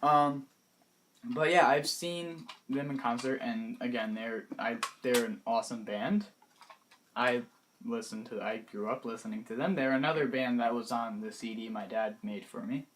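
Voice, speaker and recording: In a vlog, a young man in his late teens casually talks through his favorite music in a mid-range voice. He's hesitant, pausing and restarting often, and his words trail off softly.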